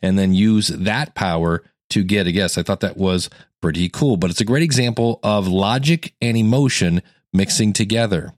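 Low-voiced man coaching podcasters. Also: normal speed, no echo, studio quality. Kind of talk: solo educational podcast monologue.

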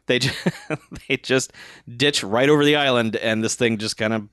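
A man's voice: mid-range voice, fairly bright tone, smooth, dry recording, studio quality. Laughing man retelling a movie. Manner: laughs often, acts out film lines in quick voices. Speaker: podcast co-host. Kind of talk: casual movie recap chat.

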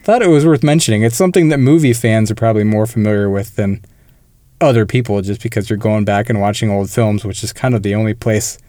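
A man's voice: lowish voice, fast, warm tone, dry recording, studio quality. A man co-hosting a film podcast, explaining things in a casual, conversational way. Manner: conversational, explanatory, occasional laughs. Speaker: podcast co-host. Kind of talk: casual film review chat.

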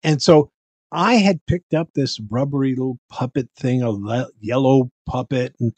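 Animated older man, husky voice. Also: mid-range voice, normal speed, dry recording. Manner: animated, acts out voices in his stories; frequent restarts and stammers. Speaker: guest, bubble performer. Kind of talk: casual interview storytelling. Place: podcast room.

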